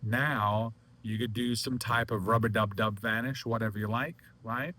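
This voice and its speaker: A man teaching a magic trick in a casual demonstration, talking in halting bursts with many restarts while he handles the cards. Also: mid-range voice, fairly even intonation, bright, forceful tone, a little hiss or hum. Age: adult. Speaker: magic instructor.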